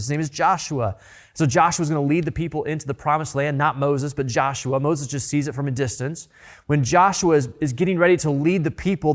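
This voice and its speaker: A man preaching a sermon in an earnest way, often repeating words as he builds a point. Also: fairly high pitch. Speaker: pastor.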